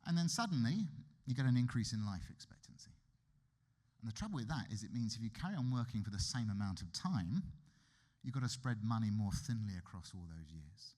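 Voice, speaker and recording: A man's voice: on the low side, lively intonation, fairly quick, darkish tone. A man with a British accent giving a conference keynote lecture in a wry, conversational way with emphatic asides. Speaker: keynote speaker. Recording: reverberant hall.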